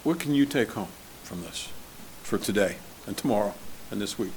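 A man preaching a sermon as pastor, conversational and asking his listeners questions, swinging between loud and soft. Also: mid-range voice, moderate pace, slight background noise. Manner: conversational, asks the congregation questions.

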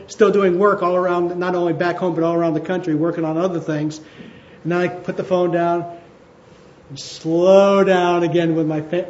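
A male pastor giving a conversational sermon in a church hall, slowing down to stress his points. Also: sits high, highs cut off. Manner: conversational, with slowed emphatic phrases.

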